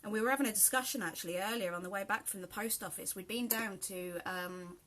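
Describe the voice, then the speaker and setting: A woman's voice: mid-range voice, quick pace, a bit bright, slight background noise. A woman with a southern English accent picked up with South Yorkshire touches hosts a live sewing tutorial. She talks in a chatty, friendly way, greeting viewers by name between steps. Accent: southern English mixed with South Yorkshire. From southern England. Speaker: sewing host. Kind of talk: live sew-along tutorial.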